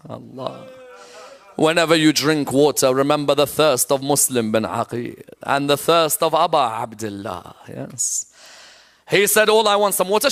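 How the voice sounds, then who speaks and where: A man's voice: fairly high pitch, a bit bright. A man delivering a religious sermon, telling a tragic story and rising into a chant-like lament. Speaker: Islamic lecturer.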